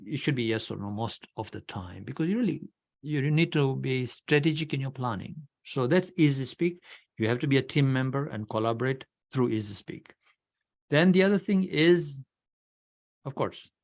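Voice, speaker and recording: A man's voice: medium pitch, vocal fry. A man leading an orientation at an online club meeting, talking in a blunt, direct way with frequent restarts. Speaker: club leader giving member orientation.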